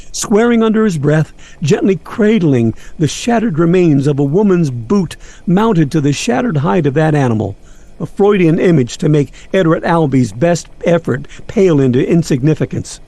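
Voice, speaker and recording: Gravelly, mellow man, wry nostalgic storyteller, lively delivery. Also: on the high side. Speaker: narrator.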